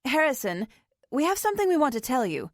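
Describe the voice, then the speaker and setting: A woman's voice: high-pitched, very animated, fairly quick, no echo, clean studio sound, voice pushed up. A woman voicing a nervous, earnest young expectant woman in a storybook reading.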